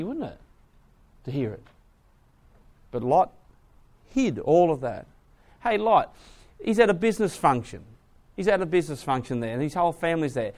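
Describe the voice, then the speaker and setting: A man preaching to a class, asking the audience questions and moving between hushed asides and loud emphasis. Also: mid-range voice. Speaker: preacher teaching a Bible class. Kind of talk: sermon.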